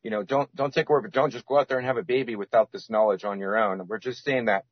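A man's voice: lowish voice, fairly even intonation, fast talker, no echo. A man as a podcast guest, rambling with many restarts and fillers. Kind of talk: casual podcast interview. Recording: dull lo-fi sound.

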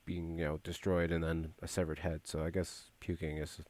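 A man's voice: a bass voice, flat delivery, normal speed, a little mellow, no echo. A man casually recapping a movie plot, rambling with frequent filler words and restarts.

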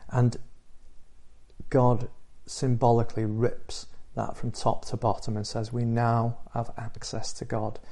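A man preaching a sermon, retelling a story in an earnest, measured way with frequent pauses. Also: medium pitch, monotone, mellow.

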